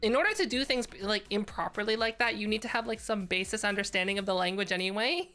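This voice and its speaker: A woman's voice: mid-range voice, lively intonation, a little fast, bright, forceful tone, faint music behind. A woman VTuber streamer chatting casually and playfully with her chat, giggling and reading names aloud.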